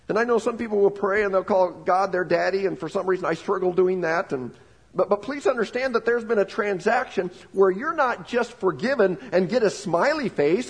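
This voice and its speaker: A male pastor delivering a sermon in a conversational, emphatic way. His voice is a touch high for a man and slightly husky. He drops to soft, near-whispered lines, then lifts into loud, excited ones.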